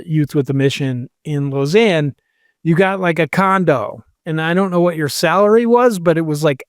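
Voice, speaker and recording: A man's voice: a little high, no room sound, clean studio sound. A man co-hosting a podcast, telling a long rambling story and quoting people as he goes. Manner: rambling, quotes people with "he's like". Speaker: podcast co-host. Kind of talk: casual storytelling chat.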